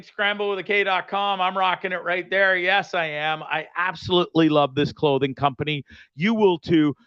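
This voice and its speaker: A man's voice: high-pitched, very animated, moderate pace, bright, forceful tone, smooth, no room sound, highs cut off. A man hosting his own show, reading sponsor spots in a rambling, profane, joking way. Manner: rambling, profane, jokey, restless. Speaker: show host. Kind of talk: casual show monologue with sponsor reads.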